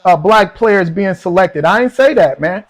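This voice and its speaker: Streamer, male, higher register, loose rambling banter with chat, chuckles a lot. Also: expressive, normal speed. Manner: rambling, repeats "man" and "you know what I'm saying"; teasing, chuckling often. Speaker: gaming live streamer.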